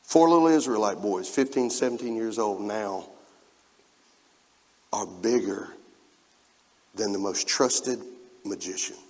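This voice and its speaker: Speaking slowly with frequent pauses in a lowish voice, a preacher reads scripture to his congregation, emphatic and calling out to them with asides. His loudness rises and falls, and the large sanctuary gives the sermon a long, hall-like reverb.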